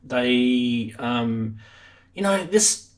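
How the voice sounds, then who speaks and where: A man's voice: mid-range voice, animated, extremely slow. An Australian man hosting a live stream from his home studio, chatting casually in a self-deprecating way.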